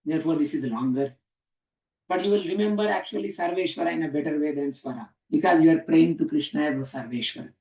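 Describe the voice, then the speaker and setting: A man's voice: fairly high pitch, fast talker, gravelly, hardly any pauses, a little mellow, recorded from a distance. Man lecturing in an echoey room. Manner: explanatory, asks the class questions, frequent "uh" and "huh?". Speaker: teacher of scripture. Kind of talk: classroom lecture on Sanskrit grammar. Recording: echoey room, speaker away from mic.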